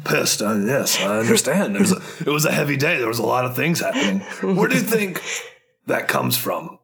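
A man's voice: medium pitch, big pitch swings, brisk, creaky, a bit bright. A man voicing a male adventurer who plays therapist to his party, probing and playful in a tabletop role-play. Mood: mock-serious. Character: mock-therapist male adventurer, coaxing and jokey. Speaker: player.

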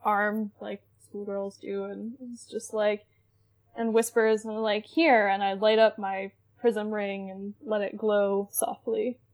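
A woman playing in a tabletop role-playing game, talking casually and haltingly. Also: medium pitch, little pitch movement, darkish tone, a little hiss or hum. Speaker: player.

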